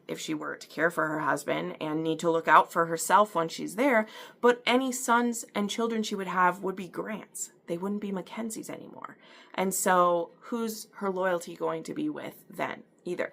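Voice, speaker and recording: A woman from the American Midwest chatting through an episode recap, talkative and animated, full of fillers and acted-out quotes. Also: on the low side, normal speed, creaky. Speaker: book and TV reviewer. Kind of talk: casual recap and review.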